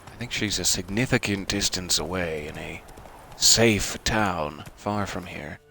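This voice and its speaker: A man's voice: low-pitched, unhurried, vocal fry, pushed and bright, a little hiss or hum. A man giving casual, chatty commentary while playing a video game, thinking aloud and joking at himself. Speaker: let's play gamer.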